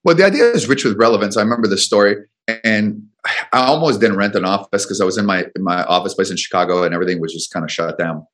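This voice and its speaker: A man's voice: fairly low pitch, fast, a bit bright. A man, a business coach and guest, telling a long personal story in an interview with frequent restarts and repeated words. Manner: rambling anecdotes with frequent restarts.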